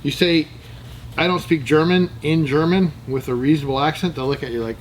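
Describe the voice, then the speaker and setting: A man from the United States with a fairly high voice talks fairly quickly as a channel host, muttering and thinking aloud while taking apart and cleaning a gun. His casual chat drifts into joking tangents. It's a rough recording with slight background noise.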